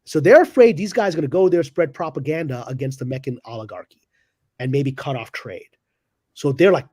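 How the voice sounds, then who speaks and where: A man with a fairly high voice speaks at a normal speed in a clean, echo-free studio recording. He is a guest on a podcast panel, telling a story with lively drama and acting out the voices of the people he quotes.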